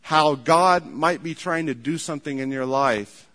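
A man's voice: fairly high pitch, measured pace, a bit bright. A man preaching a sermon as a pastor, telling stories with acted quotes and repeating words as he goes. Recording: long hall reverb.

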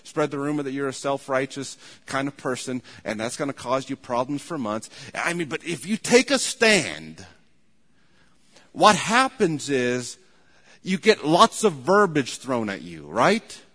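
A man's voice: medium pitch, very animated, unhurried, fairly bright tone. Man preaching in a reverberant church. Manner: earnest preaching, repeats phrases, voices imagined people. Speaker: pastor. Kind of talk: sermon. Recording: long hall reverb.

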